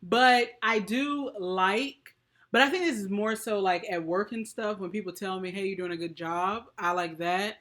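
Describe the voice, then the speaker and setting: A young woman co-hosting a podcast with a bright, forward voice. She chats loosely and openly and often breaks into laughter partway through a sentence. The talk is casual and personal. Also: mid-range voice, normal speed. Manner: chatty and giggly, laughs often mid-sentence. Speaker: podcast co-host. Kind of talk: casual chat.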